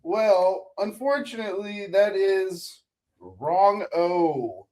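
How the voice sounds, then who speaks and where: A man's voice: sits high, lively intonation, extremely slow, darkish tone. A man hosting a casual comedy podcast, reading out definitions and reacting with flustered laughs. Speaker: podcast host.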